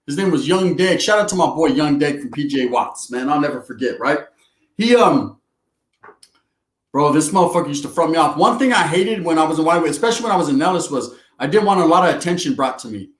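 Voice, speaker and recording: High-voiced streetwise man in a roomy space. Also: expressive, quick pace. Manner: streetwise, profane, laughs while telling stories. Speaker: podcast co-host. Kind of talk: casual storytelling chat.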